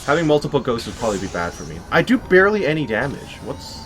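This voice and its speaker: Fast and sing-song, this gameplay commentator's mid-range, slightly bright voice narrates a horror game let's play. He teases the enemies wryly as game music runs in the background.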